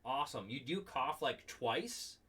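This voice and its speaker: A man's voice: mid-range voice, animated, measured pace, bright, forceful tone, slightly rough, far from the mic. A man narrating as game master of a tabletop game, rambling with many "like"s and restarts. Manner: rambling, full of "like" and restarts, laughs often.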